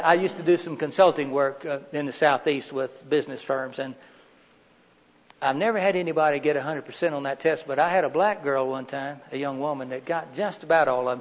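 A man's voice: on the high side, brisk. Folksy middle-aged man lecturing in a hall. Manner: folksy, chatty, asks the audience questions. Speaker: workshop lecturer. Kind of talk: live talk to an audience. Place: meeting room with windows and a heater. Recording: dull reverberant room recording.

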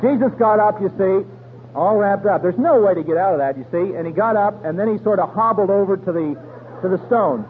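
High-voiced man, folksy slangy radio preacher; tinny broadcast, faint hum. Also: fairly quick. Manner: folksy, colloquial storytelling with slang. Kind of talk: radio sermon.

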